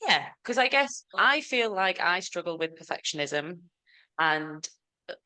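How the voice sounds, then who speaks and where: Woman, podcast co-host, chatty storyteller, bright forceful tone. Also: lowish voice, very animated, measured pace, smooth. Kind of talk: casual chat.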